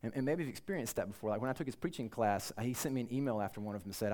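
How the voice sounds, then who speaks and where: A man's voice: mid-range voice, lively intonation, racing, darkish tone. A man giving an informal, earnest sermon to students in a conversational way, laughing at himself now and then. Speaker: campus pastor.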